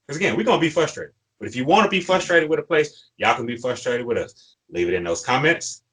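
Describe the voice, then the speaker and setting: Worked-up man, emphatic fan rant, bright sharp tone, husky edge. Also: on the high side, very animated, brisk, low-quality recording. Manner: emphatic, ranting, repeats phrases. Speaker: sports podcast co-host. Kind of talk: fired-up fan commentary.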